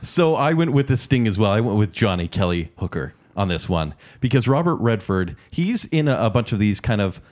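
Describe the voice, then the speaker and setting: A man's voice: on the low side, very animated, a little fast, hardly any pauses, a little mellow. A man co-hosting a casual podcast chat about movies, enthusiastic and talking in long runs. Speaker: podcast co-host.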